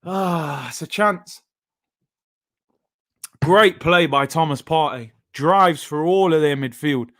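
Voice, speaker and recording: A man, hosting a live football watchalong with frustrated, animated outbursts at the play. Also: on the high side, slow pace, pauses often. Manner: frustrated, animated fan reactions, loud outbursts. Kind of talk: live match watchalong reaction.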